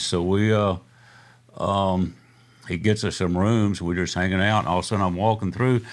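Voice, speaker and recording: A man's voice: sits low, steady tone, normal speed. An older man, telling rambling, chuckling stories as an interview guest, full of fillers. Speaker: guest musician. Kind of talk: casual storytelling interview.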